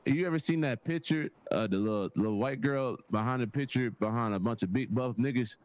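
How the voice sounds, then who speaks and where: A man's voice: medium pitch, a little fast, a little mellow, dry recording, lightly acted. A man playing a blind young man stuck in prison who rambles and stammers defensively in casual role-play chat. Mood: sheepish. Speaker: game character.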